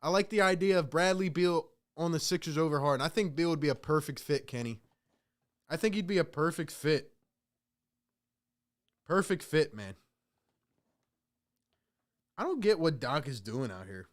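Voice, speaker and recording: A man's voice: a little high, animated, moderate pace, long pauses. A man hosting a live play-by-play reaction stream, calling the game casually and venting in exasperation while he talks to his chat.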